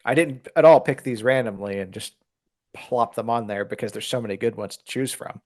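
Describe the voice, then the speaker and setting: A man's voice: mid-range voice, a little fast, a little mellow. A man chatting as a podcast guest, easygoing and given to dry jokes. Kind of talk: casual chat.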